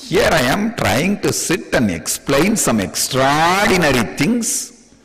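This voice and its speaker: Lively high-voiced Indian man preaching. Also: slow, in a large hall. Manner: playful, laughing, rhetorical questions. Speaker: spiritual teacher. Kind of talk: spiritual discourse.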